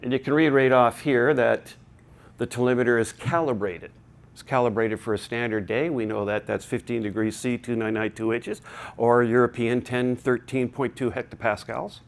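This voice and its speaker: A man's voice: medium pitch, steady tone, normal speed, creaky. A man presenting a technical talk to a live conference audience, chatty and digressive, with joking asides. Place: conference hall.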